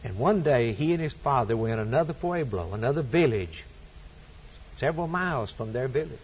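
A man's voice: mid-range voice, expressive, brisk, slight background noise, rough recording. A man preaching a sermon, with an emphatic, repetitive preaching cadence.

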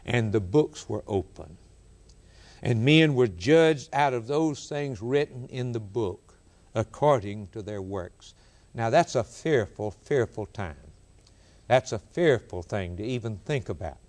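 A man preaching a sermon, rising in pitch to quote scripture and repeating key words for emphasis. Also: lively intonation, unhurried, darkish tone.

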